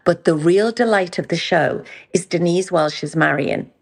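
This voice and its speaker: A middle-aged woman with a Geordie accent, hosting her own podcast. She tells candid, animated anecdotes and acts out the quotes in them. Her voice sits slightly low for a woman. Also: unhurried, creaky, breathy edge. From Newcastle, England. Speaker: podcast host. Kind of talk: candid storytelling chat.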